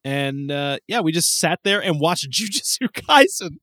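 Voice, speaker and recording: A man telling a story with animated, casual speech and easy swearing, as a podcast host. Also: a little high, unhurried, no echo, clean studio sound. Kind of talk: casual chat.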